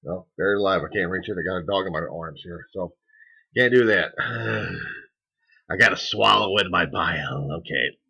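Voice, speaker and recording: A man's voice: sits low, moderate pace, creaky, sharp tone, slightly rough, highs cut off. A man vlogging, muttering casual asides to camera with sighs.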